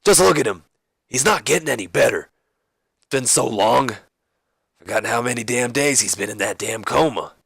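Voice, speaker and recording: A man voicing a hot-tempered male wrestler who shouts and curses. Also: medium pitch, lively intonation, normal speed, vocal fry, long pauses, breathy edge, dry recording, clean studio sound, full character voice. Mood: anguished. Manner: shouting, cursing.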